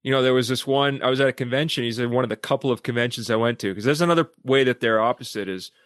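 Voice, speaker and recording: A man who is a podcast guest, telling stories animatedly and acting out quoted people in lively voices. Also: mid-range voice, rapid-fire, no room sound, studio quality. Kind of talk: casual discussion.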